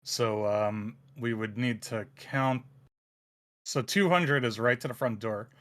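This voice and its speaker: A man narrating as game master of a tabletop game in a relaxed way with many fillers. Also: medium pitch, slow pace.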